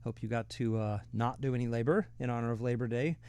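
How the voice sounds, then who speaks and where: A man's voice: medium pitch, fast talker, dark tone, clean tone, no echo. A man from the Midwest hosting a weekly online reading, chatting casually before he starts, rambling with fillers and restarts. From American Midwest.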